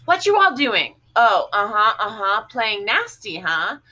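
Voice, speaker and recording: A woman voicing a stern mother who scolds her daughters slowly and firmly. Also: medium pitch, big pitch swings, pushed and bright, exaggerated voice, poor audio. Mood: angry. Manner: scolding, slow and firm. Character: stern, sharp-tongued mother.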